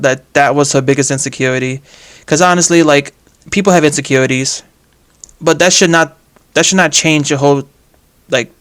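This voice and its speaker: Guy with a kinda high voice ranting about a game, super animated, swears a lot, says like every other word. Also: clear, resonant tone. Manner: animated and exasperated, with heavy use of "like" and swearing. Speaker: game commentator. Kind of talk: casual video game reaction rant.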